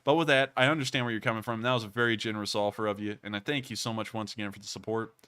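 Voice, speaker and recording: Earnest sounding streamer, crisp dry voice. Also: male voice, lowish voice, steady tone, very fast, sharp tone, no room sound. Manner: earnest, rambling, thankful, repeats himself. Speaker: livestream news host. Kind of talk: casual livestream chat.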